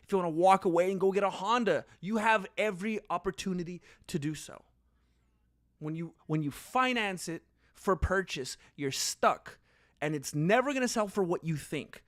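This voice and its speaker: A man voicing a persuasive adult male car salesman, talking in smooth, deliberate sales patter. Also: high-pitched, fairly bright tone, no room sound, clean studio sound.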